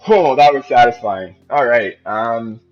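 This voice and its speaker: Chatty male game streamer, slow drawl. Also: medium pitch. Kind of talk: live gameplay commentary. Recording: muffled mic with faint music.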